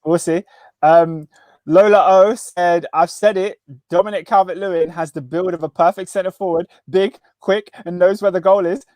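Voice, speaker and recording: Young co-host, high voice, dry close recording, teasing banter. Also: male voice, steady tone, moderate pace, darkish tone, dry recording. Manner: teasing, laughs often, acts out quotes. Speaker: podcast co-host. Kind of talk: casual football chat.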